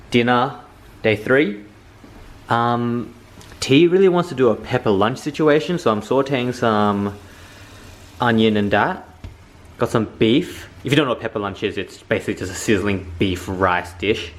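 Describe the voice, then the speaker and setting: A young man narrating a casual home cooking vlog in a chatty, excitable way, swearing freely. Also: mid-range voice, a little hiss or hum. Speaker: vlogger. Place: home kitchen.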